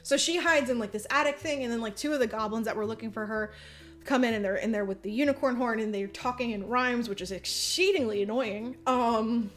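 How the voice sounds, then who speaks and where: A woman co-hosting a podcast, recapping a movie in casual, profane, rambling chat and acting out the characters in quick voices. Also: fairly high pitch. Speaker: podcast co-host.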